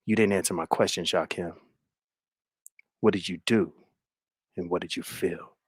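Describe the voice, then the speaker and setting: A man voicing a stern young man who asks pointed questions in a low, quiet voice. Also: fairly even intonation, moderate pace, slightly rough, no room sound, studio quality. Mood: demanding.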